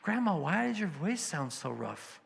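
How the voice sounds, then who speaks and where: A man's voice: high-pitched, very animated, a little slow, creaky, a bit bright, in a large hall, pitched above the performer's own voice, exaggerated voice. A man voicing an innocent little girl from a fairy tale, asking naive questions.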